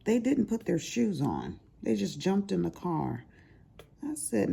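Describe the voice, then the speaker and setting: Older woman, crafting vlog chat, very lively pitch, husky mellow tone. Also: measured pace. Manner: chatty, rambling, with laughing asides. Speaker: crafting vlogger. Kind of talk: casual chat while crafting.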